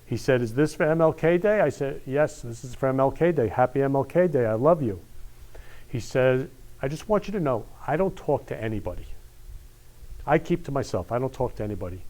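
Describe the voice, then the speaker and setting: A man's voice: medium pitch, lively intonation, fairly quick, darkish tone. A man hosting a live online show, talking in an effusive, heartfelt way and repeating affectionate greetings to viewers. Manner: effusive, repeats "I love you" often. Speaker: host. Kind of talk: emotional live-stream show talk.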